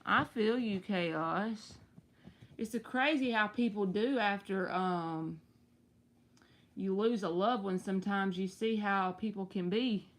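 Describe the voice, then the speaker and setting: A woman's voice: mid-range voice, slow pace. A woman hosting a live tarot reading, talking in a chatty, reassuring way with playful slang.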